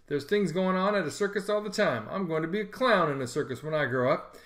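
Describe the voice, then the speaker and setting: An eager, bragging young schoolboy, as a male reader plays him, with a slightly raised voice. He wheedles and boasts in a lively storybook reading. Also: a little high, fast.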